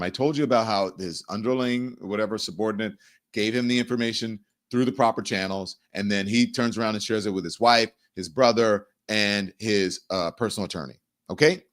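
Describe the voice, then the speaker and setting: A middle-aged man hosting a talk show, chatting loosely and repeating words as he goes. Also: a bit bright. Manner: chatty, repeats words, swings from sponsor pitch to heated rant. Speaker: show host. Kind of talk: casual talk show monologue.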